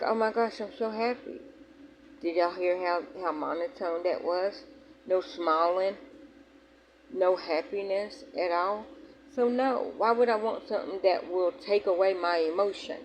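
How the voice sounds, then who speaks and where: A woman's voice: on the low side, a little mellow, slight background noise, poor audio. A young woman, talking candidly and emphatically to her viewers in a personal vlog, rambling and restarting as she goes.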